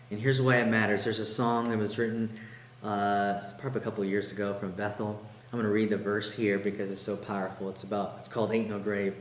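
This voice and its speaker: A man's voice: fairly low pitch, fairly bright tone, roomy sound, a little hiss or hum. A man preaching a sermon, earnest and conversational, walking through a passage verse by verse and repeating key lines for emphasis. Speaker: pastor.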